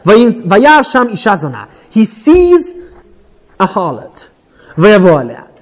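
Animated high-voiced man teaching a Bible class. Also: takes it slowly. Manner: animated storytelling, quotes Hebrew verses then paraphrases, frequent "right?". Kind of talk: informal Bible class lecture.

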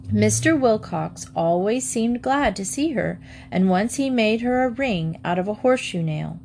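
Woman, children's audiobook narrator, steady, measured, mid-pitched. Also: creaky, slight background noise. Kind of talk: scripted narration of a children's book.

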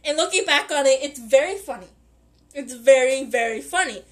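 Young woman, twenties, high bright voice, giggly, rambling, keeps correcting herself, casual podcast chat. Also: animated, moderate pace. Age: 20s. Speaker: podcast host.

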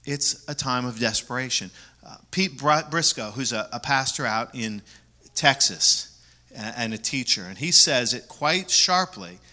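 A man preaching a sermon as pastor, repeating key words for emphasis and moving between loud stresses and soft asides. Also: medium pitch, animated, measured pace.

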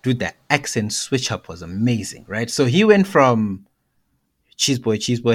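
A man's voice: medium pitch, big pitch swings, measured pace. A young man chatting casually as a podcast co-host, telling stories and checking in with "right?". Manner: storytelling, keeps checking in with "right?". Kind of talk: casual chat.

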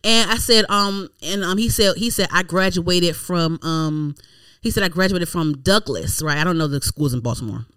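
A woman, hosting a podcast and telling a story in casual chat, animated and exasperated. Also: on the low side, normal speed, clear, resonant tone, no room sound. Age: 30s. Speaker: podcast host.

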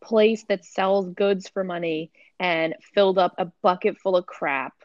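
A woman's voice: fairly low pitch, steady tone, measured pace, no room sound, dull audio. Blunt, opinionated woman co-host. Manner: blunt, opinionated, swears casually. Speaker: podcast co-host. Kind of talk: casual chat.

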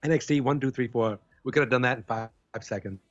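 A man's voice: mid-range voice, fast talker, dry recording. A man in a mid-range voice chats as a podcast co-host, teasing his partner and doing silly bits. The sound is a bit dull and lo-fi, and faint music plays behind him. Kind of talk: casual podcast chat.

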